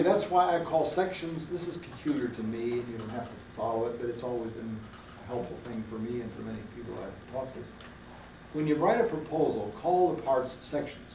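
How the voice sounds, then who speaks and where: A man's voice: medium pitch, darkish tone, slight background noise. A man teaching a research seminar, quizzing his students in a folksy, emphatic way, heard on an archival classroom recording. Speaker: seminar lecturer. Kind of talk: classroom lecture with questions to students. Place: lecture room. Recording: roomy archival classroom tape from a distance.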